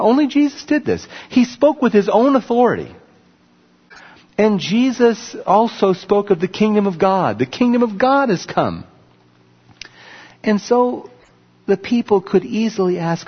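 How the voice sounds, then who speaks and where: A man's voice: high-pitched, sing-song, a little slow, long pauses, husky. A man preaching a sermon, teaching in an emphatic way and pointing things out on a screen with a laser pointer. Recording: muffled recording with long hall reverb.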